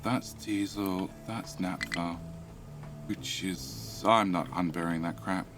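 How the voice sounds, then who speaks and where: A man's voice: low-pitched, slow. A man with an Australian accent chatting casually on a game live stream, rambling, repeating himself and muttering to himself while he plays and answers chat.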